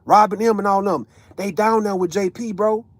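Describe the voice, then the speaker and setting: A man's voice: high-pitched, steady tone, moderate pace, no echo. A man, ranting casually as an online commentator, profane and emphatic, tagging lines with right and man. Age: 30s.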